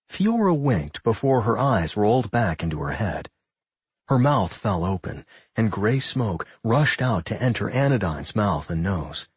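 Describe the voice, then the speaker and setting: Husky male fantasy audiobook narrator. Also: fairly low pitch, no echo. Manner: expressive storytelling.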